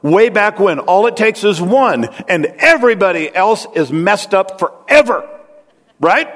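A man's voice: sits high, animated, measured pace, fairly bright tone. A man preaching a conversational, rambling sermon to his congregation, often asking them questions. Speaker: pastor. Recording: long hall reverb.

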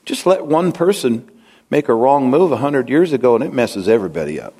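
A man's voice: medium pitch, animated, a little fast, mellow, slightly rough. A man preaching a conversational, rambling sermon to his congregation, often asking them questions. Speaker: pastor. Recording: long hall reverb.

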